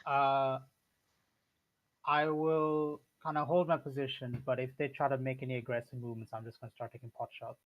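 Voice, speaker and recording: A male player in a tabletop game who speaks calmly and deliberately. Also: mid-range voice, no room sound. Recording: dull dry lo-fi audio.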